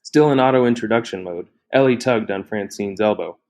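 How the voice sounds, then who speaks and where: Brief: a man reading fiction aloud, low voice, steady and measured. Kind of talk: novel reading.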